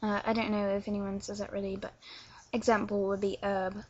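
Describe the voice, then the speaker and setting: A woman's voice: medium pitch, monotone, brisk, husky, highs cut off. A young woman from England with a London accent, chatting her way through a casual tutorial with lots of filler words. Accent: London English. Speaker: vlogger teaching accents.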